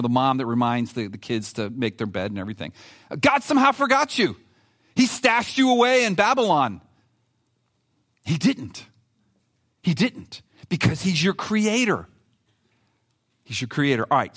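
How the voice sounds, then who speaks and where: A pastor preaching a sermon in an animated, conversational way, reading scripture aloud with emphasis. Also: male voice, mid-range voice, normal speed, long pauses.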